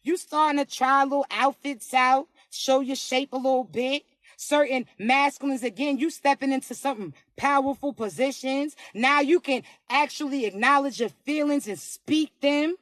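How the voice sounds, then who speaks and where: A woman with a raspy voice giving a casual spiritual reading to camera, slangy and emphatic, often asking "you heard me". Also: high-pitched, normal speed, a bit bright, no room sound, clean studio sound. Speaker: spiritual card reader.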